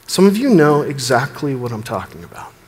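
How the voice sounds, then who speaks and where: A man preaching a sermon as pastor, earnest, building emphasis and dropping low at the ends of phrases. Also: sing-song, fairly quick, a little mellow, big-room sound.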